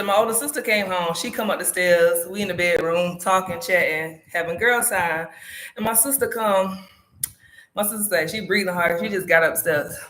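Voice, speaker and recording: A woman from South Carolina, telling an emotional story in casual, profane vlog chat at home. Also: lowish voice. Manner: animated, emotional storytelling with frequent swearing. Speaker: motorcycle vlogger. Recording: echoey room.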